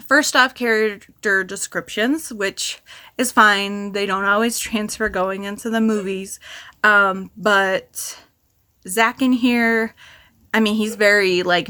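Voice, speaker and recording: A woman's voice: medium pitch, fairly bright tone. A woman giving a candid, chatty book review in a casual vlog, with frequent ums and likes. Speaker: book vlogger.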